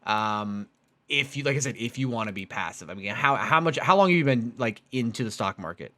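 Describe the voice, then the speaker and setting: Excitable, bright-voiced male stream host. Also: mid-range voice, fairly quick. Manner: excitable, rambling with many restarts. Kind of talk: live stream call-in chat.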